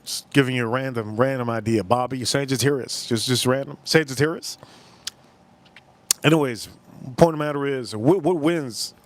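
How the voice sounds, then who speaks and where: A man hosting a whiskey livestream, reading chat comments aloud with crude jokes and rambling asides. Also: moderate pace. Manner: animated pitch swings, pitch jumps up when exclaiming. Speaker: livestream host reviewing whiskey.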